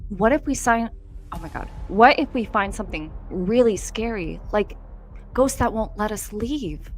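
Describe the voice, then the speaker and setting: A woman's voice: mid-range voice, animated, normal speed, faint music behind. A woman co-hosting a paranormal podcast who keeps breaking into laughter and apologizing. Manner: giggly, laughs constantly, apologetic. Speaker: podcast co-host. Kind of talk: casual chat while reading a story.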